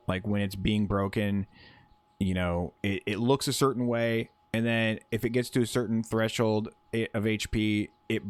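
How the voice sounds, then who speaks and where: A man with a lowish voice livestreams a survival game, rambling through his plans with fillers and restarts. He greets and teases chat and swears casually, and there is no echo.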